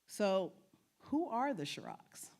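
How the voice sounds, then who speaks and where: A woman from New York giving a storytelling presentation as a guest speaker, animated and often laughing as she acts out her family's words. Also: mid-range voice, takes it slowly, vocal fry. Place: lecture at a state archives building.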